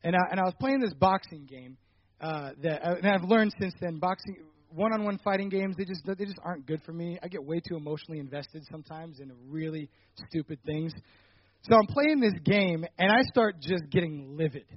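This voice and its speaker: A young man giving a personal faith testimony, telling a story animatedly and getting loud at the dramatic parts. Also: high-pitched, fairly quick, no echo, highs cut off. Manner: animated storytelling, rising loud when retelling anger.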